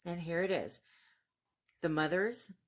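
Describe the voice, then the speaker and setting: A woman book vlogger chatting casually about new books and reading the blurbs aloud, gushing and excitable and laughing often. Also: on the low side, unhurried.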